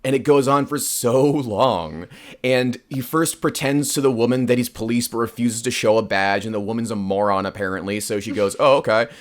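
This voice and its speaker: A man's voice: mid-range voice, moderate pace. A man co-hosting a podcast, talking about a film in a wry, chatty way with lots of fillers. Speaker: podcast co-host. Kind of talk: casual film discussion.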